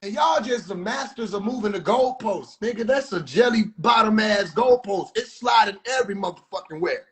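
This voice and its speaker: High-voiced man on a heated rant. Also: normal speed, few pauses. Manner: heated, profane, incredulous, often shouting. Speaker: video commentator. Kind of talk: ranting commentary.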